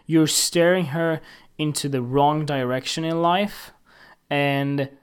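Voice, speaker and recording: A man ranting casually and indignantly about a photographer, emphatic and profane, with frequent halting restarts. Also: a little high, steady tone, clear, resonant tone. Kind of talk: casual opinion rant to camera.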